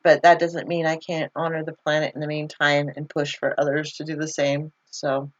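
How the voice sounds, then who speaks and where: A woman's voice: low-pitched, little pitch movement, normal speed. A woman hosting a casual livestream, chatting loosely, laughing often and reading viewer comments aloud over a video call. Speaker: livestream host. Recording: slightly muffled video call audio.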